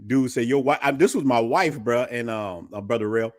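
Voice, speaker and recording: A man's voice: mid-range voice, moderate pace, no room sound. Storytelling man, very dry sound. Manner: animated storyteller, slangy. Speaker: podcast host. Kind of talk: casual podcast chat, storytelling.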